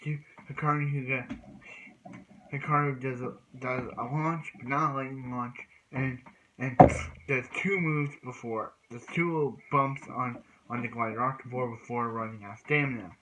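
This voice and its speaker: A man casually recapping a cartoon episode as a reviewer, halting and restarting his sentences often. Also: medium pitch, fairly even intonation, pushed and bright, slight background noise, low-quality recording. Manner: halting, frequent restarts and repeated phrases.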